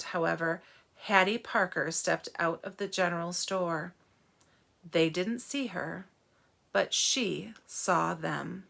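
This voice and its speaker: A woman reading a novel aloud to children and stopping to ask them gentle, teacherly questions. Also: lowish voice, vocal fry. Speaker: read-aloud narrator for children.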